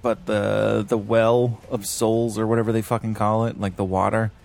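A man's voice: fairly low pitch, normal speed, vocal fry. A man co-hosting a casual movie discussion podcast, swearing freely and laughing often. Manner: profane, laughing, animated impressions. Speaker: podcast co-host.

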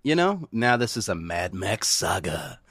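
A man in his thirties co-hosts a casual film podcast, joking around, swearing freely and pushing back on the others. His pitch rises and falls a great deal as he talks. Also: very animated, a bit bright, no room sound, clean studio sound. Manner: joking, swearing, quick to argue. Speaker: podcast co-host, cinematographer.

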